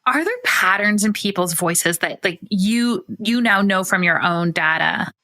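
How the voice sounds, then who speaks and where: A woman with a bright, sharp tone and a mid-range pitch hosts a podcast interview. She is a clinician who asks rambling, chatty questions, circling back with many fillers. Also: unhurried.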